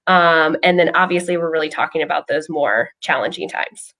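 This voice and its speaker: A woman's voice: low-pitched, moderate pace, sharp tone. A woman speaking as a behavioral health clinician, casually telling a personal story with frequent ums. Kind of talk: casual explanatory chat.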